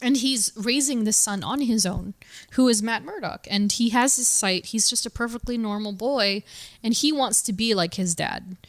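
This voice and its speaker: A woman's voice: fairly high pitch, moderate pace. A woman co-hosting a podcast in casual chat, rambling with fillers and laughing easily. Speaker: podcast co-host.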